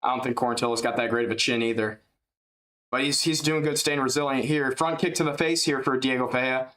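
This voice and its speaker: A man giving casual, rambling live play-by-play commentary on a fight, chatty and jumping up in excitement at big strikes. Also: medium pitch, a little fast. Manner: drowsy and yawning at times.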